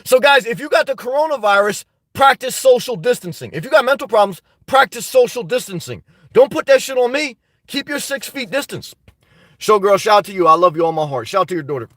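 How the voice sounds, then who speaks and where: High-pitched male streamer, chatty and blunt, swears freely, mic set back in a dry room. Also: animated, fast talker, a bit bright, no echo. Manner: rambling, blunt and profane, addresses viewers as guys. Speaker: livestream host reading viewer chat. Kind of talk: casual live chat. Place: home in New Jersey. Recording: dry sound, mic at a distance.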